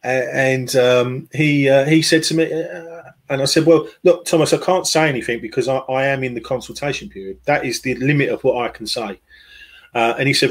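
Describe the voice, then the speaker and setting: A man's voice: medium pitch, a little fast, husky. Hesitant man chatting on a podcast. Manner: hesitant, many fillers and restarts. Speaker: podcast guest, football club fan liaison. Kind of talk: casual conversational interview.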